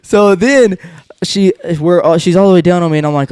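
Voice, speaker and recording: A man's voice: sits high, brisk, smooth, no echo, studio quality. A young man telling a casual story on a podcast, laughing often and swearing freely as he acts out what everyone said. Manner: laughing, profane, animated retelling.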